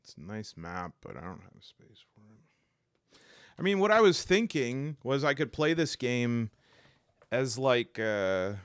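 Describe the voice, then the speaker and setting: Animated man unboxing games. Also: medium pitch, slow, long pauses, clear, resonant tone, dry recording. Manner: animated, exasperated, rambling with restarts. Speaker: tabletop game reviewer. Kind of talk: casual unboxing vlog.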